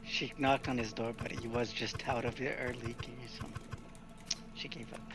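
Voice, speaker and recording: A man's voice: medium pitch, level tone, moderate pace, over music. Laid-back teasing male gamer. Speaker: co-player. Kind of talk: casual chat while gaming.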